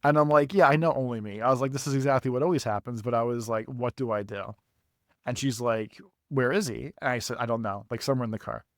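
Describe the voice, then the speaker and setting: A young man telling a rambling story on a podcast, animated and quick to swear, often laughing at his own misfortune. His voice sits in a middle register and sounds close and dry, with almost no room around it. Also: medium pitch, no echo. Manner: animated, profane, laughs at himself. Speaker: podcast co-host. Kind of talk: casual storytelling.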